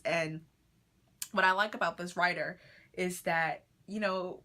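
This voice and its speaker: Bright-voiced young woman doing Bible study. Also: fairly low pitch, lively intonation, normal speed. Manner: enthusiastic, talks with lots of "like" and "you know"; reads scripture verses aloud. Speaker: vlogger leading a Bible study. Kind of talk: casual Bible study talk.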